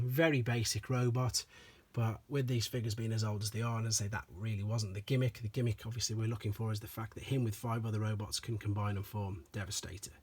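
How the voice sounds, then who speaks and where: A man doing a casual show-and-tell review of collectible toys, chatty and relaxed, often repeating stock phrases like "as I say". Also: mid-range voice, breathy edge.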